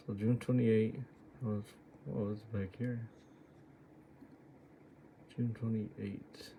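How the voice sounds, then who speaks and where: A man reviews his own trades on screen, muttering to himself, exasperated and swearing at his choices. His voice is lowish, creaky, and warm, with a little hiss or hum in the recording.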